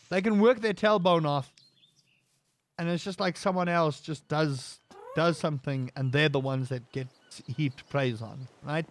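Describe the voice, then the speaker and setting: A man streaming a game while he rants, throwing out rhetorical questions and pushing his voice up high when he gets worked up. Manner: ranting, piles up rhetorical questions. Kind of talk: casual rant while gaming.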